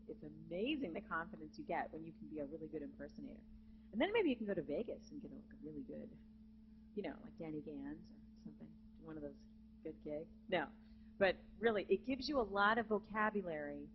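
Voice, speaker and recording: A woman's voice: on the low side, muffled recording, slight background noise. A woman teaching a vocal jazz masterclass, chatty and breaking into short sung phrases. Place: conference hall with live student audience.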